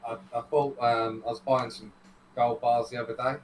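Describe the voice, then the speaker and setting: A man's voice: mid-range voice, flat delivery, moderate pace, a little hiss or hum, low-quality recording. A man chatting casually as a co-host, laid-back and dry. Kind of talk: casual chat.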